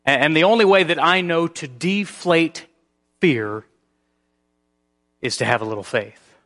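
A man preaching a sermon as pastor. His delivery shifts between hushed, near-whispered passages and emphatic, rising peaks. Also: fairly high pitch, animated, measured pace.

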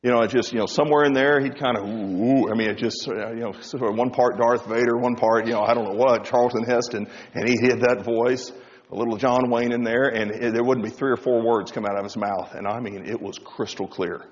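A male pastor preaching a sermon, swinging between loud emphasis and hushed low tones. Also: steady tone, brisk. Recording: dull sound with long reverb in a hall.

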